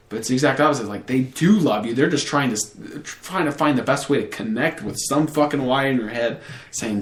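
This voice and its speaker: A young man chats loosely on a podcast, cursing often and jumping between thoughts. His mid-pitched voice rings a little in an echoey room, and he slips into other voices when he quotes people. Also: fairly quick. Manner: rambling, profane, animated storytelling with acted quotes. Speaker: podcast host. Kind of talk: casual podcast chat. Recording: roomy echo.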